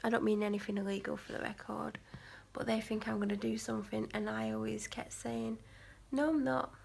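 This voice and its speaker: A woman's voice: on the high side, flat delivery, a little fast, gravelly, husky. A woman from England chatting casually in her vlog, rambling along with lots of "like" fillers and sometimes dropping almost to a whisper. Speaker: vlogger.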